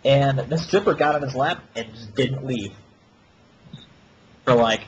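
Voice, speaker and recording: A man of mid pitch rambles through a story with crude, sarcastic asides. The audio is dull and lo-fi with a faint hiss under it. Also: measured pace. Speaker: podcast co-host. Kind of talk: casual ranting storytelling.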